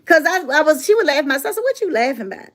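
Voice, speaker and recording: Racing along in a high, very animated voice, a middle-aged motivational speaker and channel host chats casually with viewers on a livestream. Her manner is sassy and emphatic, and she laughs often and repeats herself for effect.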